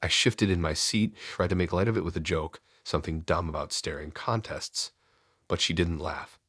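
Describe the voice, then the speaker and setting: Very deep husky male horror narrator. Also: steady tone, a bit bright, dry recording, clean studio sound. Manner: low, measured, ominous storytelling. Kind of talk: scripted first-person horror narration.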